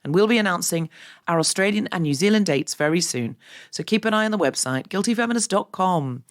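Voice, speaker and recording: A woman's voice: lowish voice, expressive, fairly quick. A woman hosting a podcast, reading upbeat scripted announcements in a chatty, friendly way. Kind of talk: scripted promo read.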